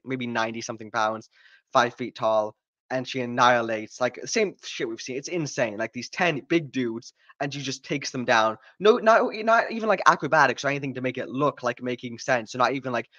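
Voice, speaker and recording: A man's voice: mid-range voice, pushed and bright, no echo, dull audio. A man ranting in a sarcastic, exasperated and profane way while reviewing a show. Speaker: video reviewer.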